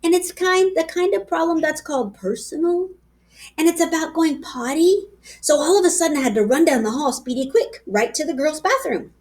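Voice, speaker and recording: A woman reading a children's chapter book aloud in a playful, lively voice. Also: sits high, moderate pace. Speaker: reader. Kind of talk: storybook read-aloud.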